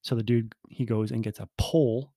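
A man's voice: mid-range voice, steady tone, moderate pace, mellow, no echo, studio quality. A man telling a personal story in a casual monologue, rambling and self-interrupting, candid and poking fun at himself.

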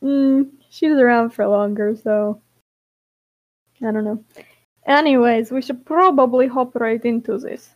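Giggly high-voiced woman podcast host. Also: measured pace, no echo, dull audio. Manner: giggly, keeps steering back to the episode. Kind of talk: casual chat.

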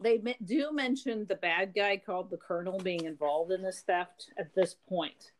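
A woman's voice: fairly low pitch, moderate pace. A woman in casual chat about a novel, chipping in details with many fillers and restarts. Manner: chatty, interjects and adds details, many fillers. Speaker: podcast co-host discussing a novel.

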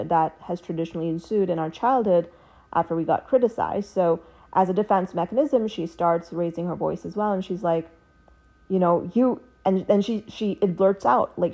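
Young adult woman, relationship coach, low-pitched, chatty, filler-heavy delivery. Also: darkish tone. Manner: conversational, many fillers like "like" and "you know". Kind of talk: casual explanatory monologue.

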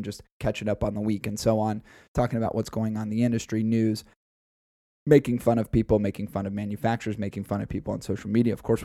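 A man's voice: lowish voice, no room sound, clean studio sound. A man co-hosting a casual podcast, talking at length and laying out the show's plans. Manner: talkative, plans the show out loud. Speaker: podcast co-host.

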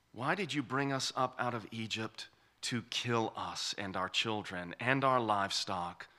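A man's voice: medium pitch, bright, forceful tone. A man preaching an expository sermon, emphatic and repeating key phrases for weight.

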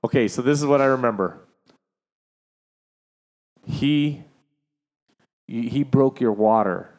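A man's voice: medium pitch, takes it slowly, darkish tone. A man co-hosting a casual podcast chat, telling a story with lots of laughter, swearing and acted-out voices. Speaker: podcast co-host.

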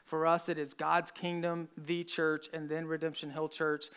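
A man's voice: fairly high pitch, monotone, normal speed, fairly bright tone, smooth. A man in his thirties, a pastor, preaching a sermon in an earnest, conversational way with frequent restarts.

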